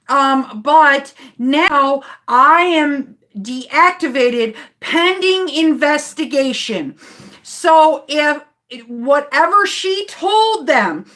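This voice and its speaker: Female vlogger, high pitch, unhurried, aggrieved live stream storytelling. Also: sharp tone. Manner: slow, upset storytelling to viewers. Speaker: rideshare driver vlogger.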